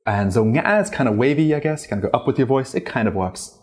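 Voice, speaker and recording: A man whose first language is English, teaching Vietnamese tone pronunciation as a learner, animated and demonstrating tones with his voice. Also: mid-range voice, quick pace. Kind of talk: explanatory language lesson. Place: Hanoi.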